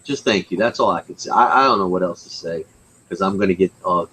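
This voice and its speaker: Low-voiced male co-host, casual and emotional, on a video call with faint hiss. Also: fairly bright tone, poor audio. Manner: emotional, choked up, halting. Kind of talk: casual chat.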